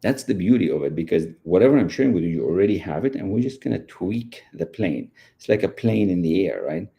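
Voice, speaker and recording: Low, dark-voiced motivational speaker. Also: male voice, animated, fairly quick, creaky. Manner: earnest, repetitive, addresses listener directly. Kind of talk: motivational talk.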